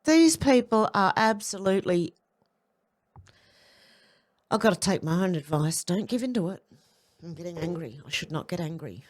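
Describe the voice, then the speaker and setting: A woman's voice: fairly low pitch, sing-song, normal speed, long pauses. Blunt irritable woman ranting. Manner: blunt and irritable, swearing, sarcastic asides. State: sore back and headache. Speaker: commentary channel host. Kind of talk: casual opinion commentary over clips.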